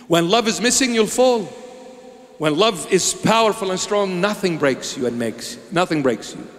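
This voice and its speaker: A man's voice: high voice, lively intonation, moderate pace, fairly bright tone. A man delivering an emphatic, theatrical sermon as a preacher. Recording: long echoing reverb.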